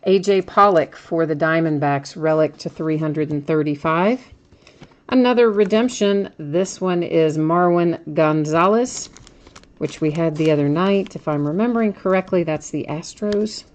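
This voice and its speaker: A woman's voice: deep voice, a little slow. A woman hosting a card break, chatting casually as she names each card she pulls and laughs at her own slips.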